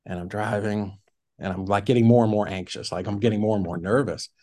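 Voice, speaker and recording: A man's voice: on the low side, fairly even intonation, a little fast, warm tone. A middle-aged man, a podcast guest, telling a story in casual conversation, filling his talk with "like" and acting out his own past thoughts. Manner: chatty, peppers speech with "like", acts out his own past thoughts. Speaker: podcast guest, real estate investor.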